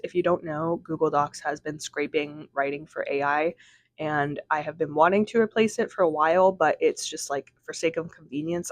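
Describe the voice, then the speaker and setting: A woman's voice: sits low, dry recording. Chatty woman vlogging at home. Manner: chatty, rambling, lots of fillers like "um" and "like". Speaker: vlogger and aspiring novelist. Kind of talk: casual vlog chat to camera. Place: at home, indoors.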